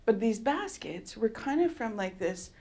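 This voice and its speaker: A woman from Canada gives an artist's talk in a university lecture hall. Her voice sits a little above average in pitch. She tells her stories in a lively way, laughing easily and acting out the dialogue. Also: a little slow. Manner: animated storyteller who laughs often and acts out dialogue. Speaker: artist giving a public talk. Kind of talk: storytelling lecture.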